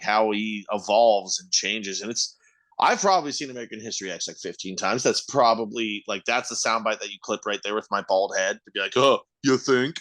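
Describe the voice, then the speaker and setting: A man's voice: medium pitch, a bit bright. A young man co-hosting a podcast in casual chat, rambling loosely and swearing freely. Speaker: podcast co-host.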